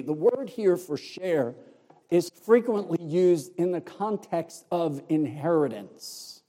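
A man preaching an expository sermon, explaining the Greek words of a passage with deliberate emphasis. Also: fairly high pitch, animated, warm tone. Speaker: pastor. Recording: long hall reverb.

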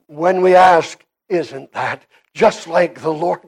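A man with a Canadian accent preaching a sermon, emphatic and shifting between quiet and loud passages. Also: a little high, takes it slowly, gravelly, husky.

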